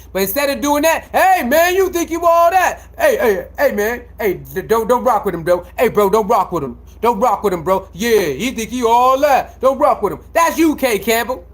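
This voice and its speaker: A man with a very high voice rants about sports critics, swearing freely and mocking them. He repeats the same lines over and over as his temper builds. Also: expressive, fairly quick, few pauses. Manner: repetitive, mocking, heated. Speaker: sports commentator. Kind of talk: profane commentary rant.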